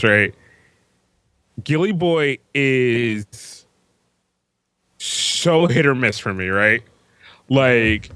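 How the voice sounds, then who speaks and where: A man's voice: mid-range voice, a bit bright, no room sound. A man co-hosting a music podcast, chatting casually and enthusiastically, swearing freely. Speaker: podcast co-host. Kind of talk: casual chat about music.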